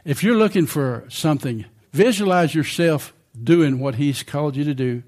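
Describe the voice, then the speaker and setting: An older male preacher delivering a sermon in a conversational style, checking in with the congregation as he goes. His voice sits a little higher than most men's. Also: moderate pace, a little mellow.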